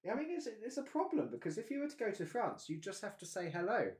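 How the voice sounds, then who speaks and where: A man's voice: sits high, very animated, fast talker, a little mellow. A man hosting a live stream, chatting casually and rambling with frequent hesitations and laughs. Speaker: livestream host.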